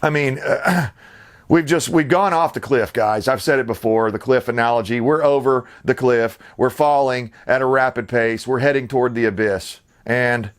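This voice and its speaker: A man's voice: medium pitch, normal speed. A man hosting his own channel, talking straight to camera from his suburban home in a blunt, rambling, heated way. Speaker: channel host. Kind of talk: casual to-camera commentary.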